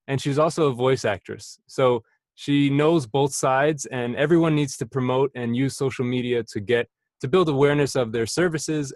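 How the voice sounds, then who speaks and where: A man's voice: mid-range voice, darkish tone, no echo. Man hosting an interview, dry sound. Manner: friendly, frequent short affirmations and laughs. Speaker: podcast host. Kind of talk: casual interview.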